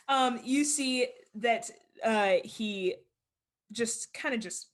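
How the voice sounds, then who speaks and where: A woman's voice: a little high, a little slow. A woman narrating as game master of a tabletop game, laughing often as she describes scenes. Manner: laughs often, voices characters briefly.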